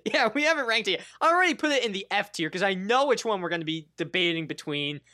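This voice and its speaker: A man's voice: sits high, expressive, quick pace, bright, forceful tone. A man co-hosting a sports podcast, bantering animatedly and laughing often in casual chat. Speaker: podcast co-host.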